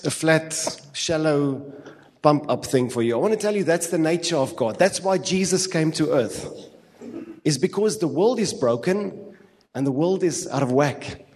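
A male pastor with a South African accent preaching a sermon with fervent, repetitive phrasing and quick asides. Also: fairly high pitch, darkish tone, slight background noise. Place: church hall. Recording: long reverb of a church hall.

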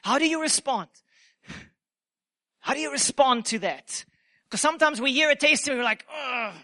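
A male pastor delivering a sermon with a strikingly high, bright voice. He preaches in a lively, playful way, slips into little acted quotes and laughs at his own jokes. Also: moderate pace.

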